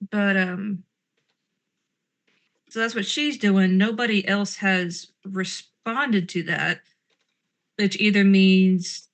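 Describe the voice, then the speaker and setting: A woman's voice: mid-range voice, a bit bright. Sarcastic, grumbling woman role-playing. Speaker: tabletop game player. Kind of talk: in-character role-play chat.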